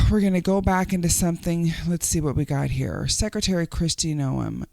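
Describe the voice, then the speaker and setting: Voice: mid-range voice, normal speed, creaky, a little mellow, dry recording. A vlogger giving casual, exasperated commentary on news clips, often sighing, laughing and tripping over hard words.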